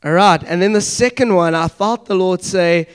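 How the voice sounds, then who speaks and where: High-voiced man preaching. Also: moderate pace, smooth. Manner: conversational, animated preaching with asides and acted-out dialogue. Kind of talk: sermon.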